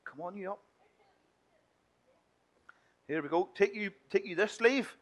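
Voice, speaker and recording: A man's voice: high-pitched, measured pace. A man leading a playful children's talk in church. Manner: playful and chatty, mimicking whiny children.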